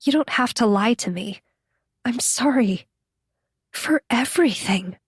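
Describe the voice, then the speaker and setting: Woman doing a guilty teen girl, small hushed voice, a bit higher than her narration. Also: a little slow, breathy edge, no echo, studio quality. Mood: remorseful. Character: guilt-ridden teenage girl, quiet and shaky.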